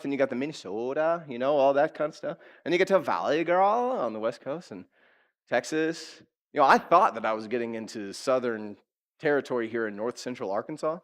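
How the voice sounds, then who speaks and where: A male pastor delivering a sermon in a conversational, animated manner. He fires direct questions at his listeners and slips into acted-out quotes. His pitch sits in the middle range. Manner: animated preaching, acts out quotes.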